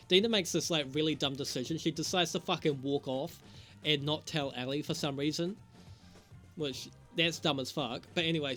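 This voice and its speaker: A man's voice: mid-range voice, a bit bright. A young man doing a casual review vlog, talking in a profane, sarcastic, rambling way and laughing at his own jokes. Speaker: show reviewer.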